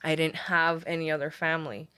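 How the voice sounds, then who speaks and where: A woman's voice: low-pitched, fairly quick, smooth. A young woman from Puerto Rico, a teacher, talking casually in an interview with lots of filler words. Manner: chatty, animated when quoting others, many "like" fillers. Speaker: guest, language arts teacher.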